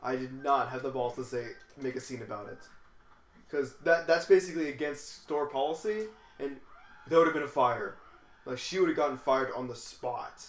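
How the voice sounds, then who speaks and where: A man's voice: mid-range voice, moderate pace. A man hosting a late-night podcast, telling stories casually with lots of swearing and stammering restarts. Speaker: podcast host. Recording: echoey room.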